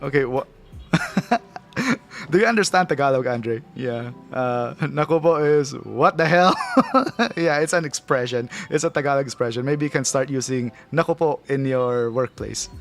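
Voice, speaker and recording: A man's voice: medium pitch, unhurried. A man from the Philippines, hosting a casual livestream, chatting loosely, reading chat aloud and laughing often. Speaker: livestream host.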